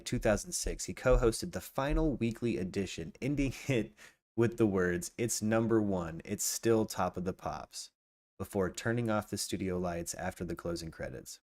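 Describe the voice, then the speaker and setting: On a live true crime podcast stream, a man with a lowish, slightly mellow voice reads facts aloud before breaking off to riff casually. He greets viewers in the chat and restarts his sentences a lot.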